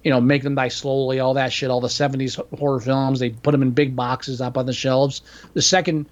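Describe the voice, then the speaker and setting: A man's voice: mid-range voice, little pitch movement, brisk, highs cut off. A man co-hosting a podcast, chatting casually about a horror film with profanity and rambling opinions. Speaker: podcast co-host. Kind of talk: casual movie review chat.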